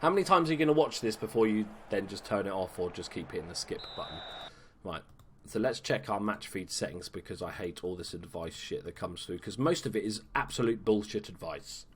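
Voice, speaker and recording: A man's voice: fairly low pitch, lively intonation, fairly quick, breathy edge. A man giving casual, chatty commentary over a video game at home, swearing freely and tossing in dry asides. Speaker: gaming YouTuber.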